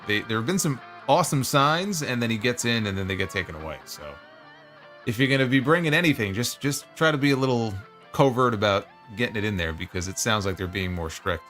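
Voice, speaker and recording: A man co-hosting a casual chat show, animated and opinionated, laughing easily. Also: medium pitch, a little fast, soft background music. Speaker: podcast co-host.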